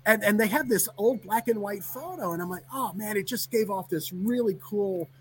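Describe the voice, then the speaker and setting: A man reporting by remote line chats in a loose, rambling way. His voice sits slightly high. A faint hiss of noise runs under the call. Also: moderate pace. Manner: relaxed, rambling, many fillers. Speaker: sports reporter calling in. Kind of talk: casual conversational chat.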